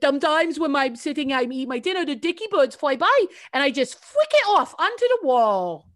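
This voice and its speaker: A woman's voice: sits high, sing-song, moderate pace, voice pushed up. A woman putting on a fussy old British lady with a lisp who coos over her pet birds. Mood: doting. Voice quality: lisping, fussy accent.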